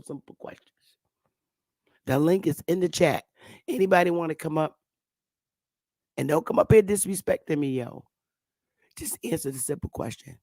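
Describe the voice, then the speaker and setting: A woman's voice: sits low, darkish tone, dry recording, clean studio sound. A woman hosting a live stream, ranting with emphatic, profane talk and repeating the same rhetorical questions. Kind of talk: heated live-stream rant.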